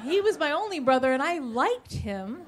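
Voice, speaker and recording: A woman's voice: high voice, very animated, normal speed. A woman telling a personal story on stage at a live show, chatty and self-mocking, acting out what others said. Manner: chatty, self-mocking, full of restarts and quoted voices.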